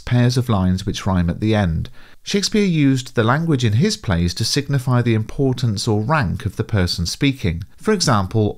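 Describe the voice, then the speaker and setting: A man talks through a literature lesson in a scripted, measured voice-over. His voice sits slightly low but rises and falls with real animation as he explains. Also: darkish tone. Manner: clear, measured explanatory delivery. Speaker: teacher.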